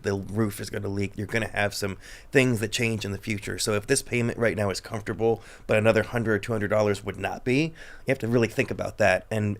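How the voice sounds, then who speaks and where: Male guest advisor, practical and steady, gravelly low voice. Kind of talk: radio discussion.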